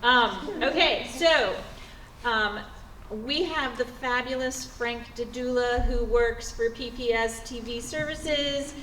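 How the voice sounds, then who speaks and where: A woman's voice: fairly high pitch, slow, a bit bright, recorded from a distance. A woman emceeing a story slam, introducing storytellers in a playful, chatty way. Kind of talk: introducing performers at a live event. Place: stage in a large hall. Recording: echoey hall, mic some way off, audible room noise.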